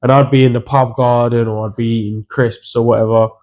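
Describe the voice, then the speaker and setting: A man's voice: medium pitch, little pitch movement, a little fast, a little mellow, muffled recording. A young man in casual podcast chat who laughs often and tells stories animatedly.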